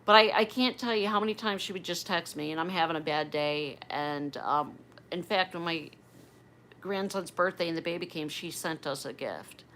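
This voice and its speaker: A woman's voice: fairly low pitch, normal speed, a bit bright, a little hiss or hum, low-quality recording. A middle-aged woman hosting a casual livestream, chatting and rambling as she talks straight to her viewers. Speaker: livestream host.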